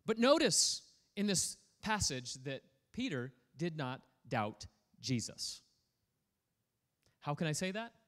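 Lively high-voiced male preacher. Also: slow, long pauses. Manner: energetic, playful, prods the audience for feedback. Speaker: pastor. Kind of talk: sermon.

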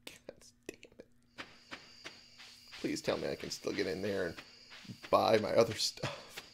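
A man's voice: sits low, normal speed, gravelly, noisy background. A man giving casual commentary over his own gameplay. He swears a lot, laughs often, and keeps exclaiming in exasperation. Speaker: let's play streamer. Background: game music.

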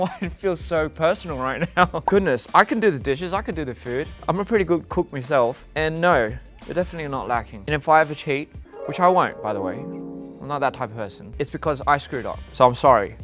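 A man's voice: fairly high pitch, brisk, a bit bright, soft background music. A young man from Australia casually reading fan tweets aloud, playful and self-deprecating, often breaking into laughter.

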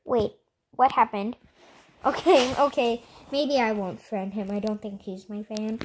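A young girl hosting her own gaming channel, chatting excitedly and giggling to viewers as she plays. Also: a little high, a little slow, slight background noise. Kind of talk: casual gameplay commentary.

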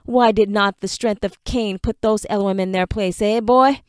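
A woman's voice: medium pitch, steady tone, moderate pace, dry recording, clean studio sound, close to an everyday voice. A woman voicing a stern, harsh aging father who barks at his son, read for an audiobook. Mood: angry, scornful. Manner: gruff, barking, scornful.

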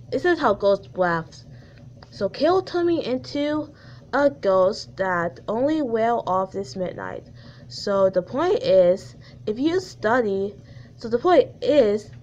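A woman reading the lines of a bossy know-it-all little rabbit girl from a fan story, slow and explaining. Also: on the high side, a little mellow, highs cut off, a little hiss or hum.

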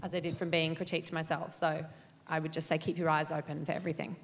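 A young woman on a panel, chatting and telling animated stories in a large auditorium. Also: deep voice, fast talker, slight background noise. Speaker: graduate on a panel. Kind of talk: panel discussion. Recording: long hall reverb.

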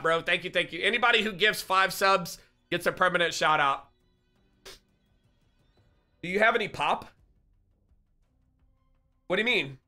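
A man talks with viewers on a live stream in a high, bright voice, teasing and laughing as he goes. He takes his time over his words, and soft music plays faintly behind him. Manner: playful joking banter, laughs often.

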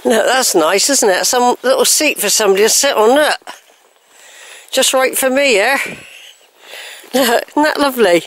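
A woman's voice: fairly high pitch, normal speed, long pauses, fairly bright tone. A woman walking in the countryside, chatting breathlessly to her camera. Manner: chatty, coos at animals. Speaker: walking vlogger. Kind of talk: casual walking narration. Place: outdoors on a countryside walk. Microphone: handheld phone camera.

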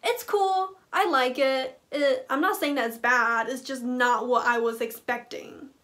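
A woman's voice: sits high, steady tone, unhurried, a bit bright, a little hiss or hum. A woman hosting a casual reaction vlog who talks in a playful, joking, teasing way. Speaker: reaction video host.

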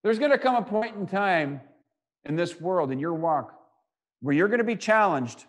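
Male preacher, sermon, scripture reading, rhetorical questions, repeats lines, slightly high voice. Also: lively intonation, moderate pace. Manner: rhetorical questions and repeated phrases, swinging between loud and hushed.

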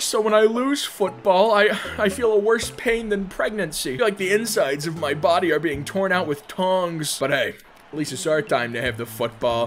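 A man doing comedic let's-play commentary, mock-enthusiastic, telling absurd jokes in a deadpan way and swinging between shouting and mumbling. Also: high-pitched. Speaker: gaming YouTuber.

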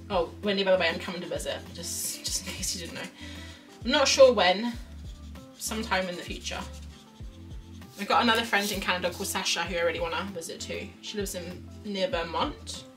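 A woman's voice: on the low side, fairly even intonation, fast, far from the mic. A young woman chatting casually on a drawing livestream. She rambles and reads chat messages aloud. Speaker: art streamer. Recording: voice slightly off-mic with faint music.

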